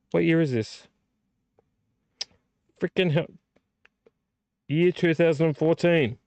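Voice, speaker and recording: A man's voice: on the high side, fairly even intonation, takes it slowly, creaky, pauses often, a little mellow, no echo. A man hosting a late-night live video stream, rambling and teasing a viewer by name while a little tipsy from drinking. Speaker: vlog host.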